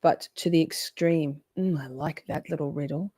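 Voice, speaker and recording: A woman's voice: deep voice, steady tone, normal speed, dark tone, breathy edge, no room sound, studio quality. A woman streaming live reaction commentary on a trial, making crude, profane, joking asides and reading out chat.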